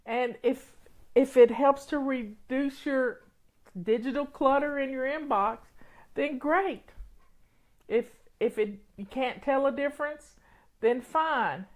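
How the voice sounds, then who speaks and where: A woman's voice: high-pitched, takes it slowly. A woman hosting a casual livestream, reading comments, tearful and sniffly, rambling with many restarts. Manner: rambling, warm, frequent restarts and laughs. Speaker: livestream host.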